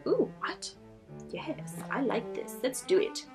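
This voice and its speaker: A woman's voice: fairly high pitch, big pitch swings, takes it slowly, soft background music. A young woman vlogger casually unboxing beauty products, gushing and giggling as she reads labels aloud.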